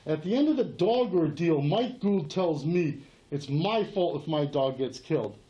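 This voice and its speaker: A man's voice: a little high, animated, measured pace, warm tone, rough recording. A man in a heated face-to-face argument, insistent and profane, repeating himself and talking over others. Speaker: channel owner confronting a sheriff.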